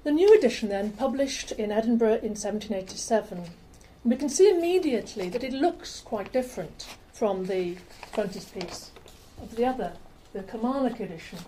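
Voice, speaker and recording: Woman, lecturer, slide talk, warm mellow voice, chatty with self-corrections, faint room noise. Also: on the high side, animated, normal speed, rough recording. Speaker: lecturer on rare books.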